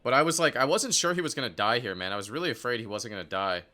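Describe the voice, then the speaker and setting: A young man giving casual commentary on his own competitive match, excitable and profane, full of "like" and "dude". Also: mid-range voice, quick pace. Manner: excitable, profane, filler-heavy talk. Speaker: esports player reviewing his match.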